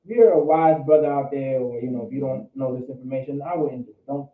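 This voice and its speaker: A man's voice: mid-range voice, quick pace, narrow, tinny audio. Man, Bible teacher, slangy preaching, repeats himself; distant, echoey, phone-thin audio.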